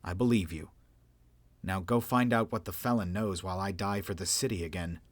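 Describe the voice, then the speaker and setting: A man voicing a weary, resigned male hero who keeps dying and coming back, speaking low-key and dry. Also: a little fast, no room sound, close to an everyday voice. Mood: earnest.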